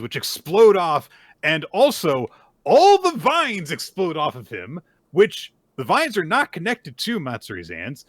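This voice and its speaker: A man recaps manga chapters for his podcast co-host in loose, casual chat. His pitch swings widely and his tone is bright. He is sarcastic and full of "like" and "uh", and the sound is dry and close. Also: no echo. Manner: animated, sarcastic retelling with frequent "like" and "uh".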